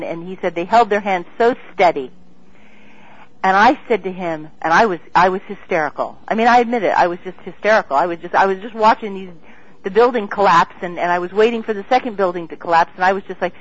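A woman guest in an interview, talking in an excitable, rambling way with many restarts. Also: medium pitch, fast, slightly rough, no echo. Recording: dull lo-fi radio sound.

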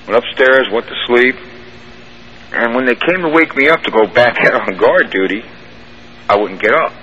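A man's voice: lowish voice, pushed and bright. A man telling a long first-person story in a plainspoken, rambling way, with restarts. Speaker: guest caller recounting an experience. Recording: muffled radio broadcast with faint hiss.

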